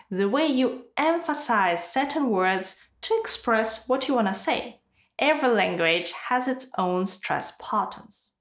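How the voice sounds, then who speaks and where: A woman giving a scripted online lesson as an exam-prep teacher, in a clear, measured way. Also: on the high side, roomy sound. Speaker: IELTS teacher.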